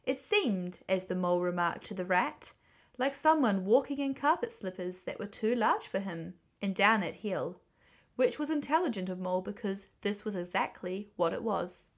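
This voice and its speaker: A woman reading a classic children's book aloud, gentle and expressive. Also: medium pitch, normal speed. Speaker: storyteller.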